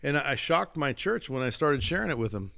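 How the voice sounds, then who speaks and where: A man's voice: medium pitch, sing-song, brisk, vocal fry, bright, forceful tone. A man who is a pastor, talking earnestly and emphatically in a casual faith discussion, slipping into a preaching tone.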